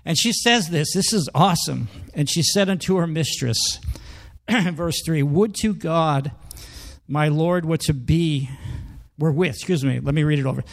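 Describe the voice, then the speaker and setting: A man's voice: on the high side, measured pace, creaky. A man preaching a sermon in a conversational, emphatic way, reading scripture and acting out quoted speech.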